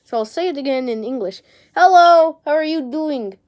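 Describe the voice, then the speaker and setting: A woman with a somewhat high voice talks casually to the camera. She rambles, restarts her sentences and drops in a swear word now and then as she sounds out invented words. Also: animated, a little fast, dark tone, dull audio. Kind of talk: casual talk to camera, showing off an invented language.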